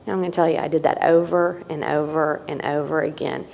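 A woman's voice: low voice, steady tone, fast, creaky, hardly any pauses, a little mellow, slight background noise. A woman giving an earnest personal testimony to a recovery meeting, candid and repetitive as she tells her story. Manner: candid and earnest, with repeated phrases and restarts. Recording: echoey hall.

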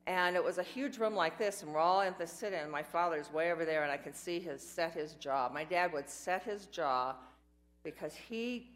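A woman's voice: on the low side, moderate pace. An older woman telling her life story in a candid, rambling way, with self-mocking asides. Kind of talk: personal storytelling talk.

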